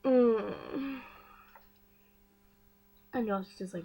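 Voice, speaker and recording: A woman vlogger retells a story in a slightly high voice. She is chatty and gossipy, and her talk is full of fillers and quick side comments. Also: mellow, slightly rough, rough recording. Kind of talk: casual story recap.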